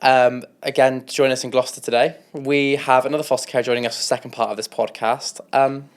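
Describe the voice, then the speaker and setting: A podcast host, a woman, speaks quickly in a deep voice. She is encouraging toward her guests. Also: level tone. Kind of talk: podcast hosting.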